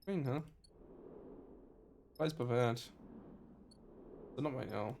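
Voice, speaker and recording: During a let's play, a German-accented male streamer reads the game's text out loud, tripping over words and frequently correcting himself. His voice is mid-range and darkish, with vocal fry and a faint hiss or hum.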